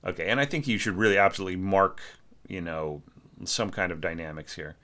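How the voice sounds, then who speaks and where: A man's voice: low-pitched, a little fast, sharp tone. A man giving a casual, chatty critique of an orchestration, with lots of "you know" and "like" and sung-out notes. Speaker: orchestration teacher giving feedback. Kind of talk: casual spoken critique of a score.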